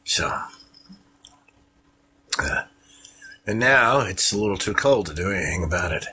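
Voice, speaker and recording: A man's voice: lowish voice, lively intonation, sharp tone, husky. Breathless, wheezing sick man. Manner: halting, pausing every few sentences to catch his breath. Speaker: podcast host. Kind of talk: casual solo podcast monologue. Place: at home with a cat on him.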